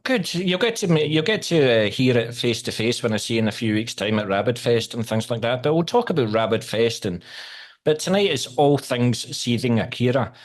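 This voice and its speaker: Scottish man, radio-host interviewer, cheeky and teasing, swears casually. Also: medium pitch. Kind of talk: casual video call interview.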